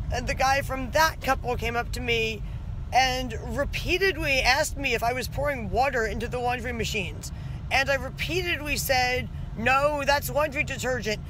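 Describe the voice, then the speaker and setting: This woman speaks in a high, fairly bright voice over slight background noise. She's filming a casual vlog outside her home, retelling her day in a chatty, fed-up way peppered with "like."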